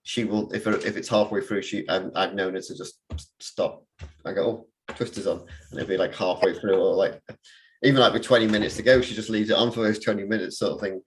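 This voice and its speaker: Guy chatting about films, kinda low voice, lots of likes and restarts, faint hiss behind. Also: fairly even intonation, a little fast, poor audio. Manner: rambling, many fillers and restarts. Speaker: podcast host. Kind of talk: casual chat.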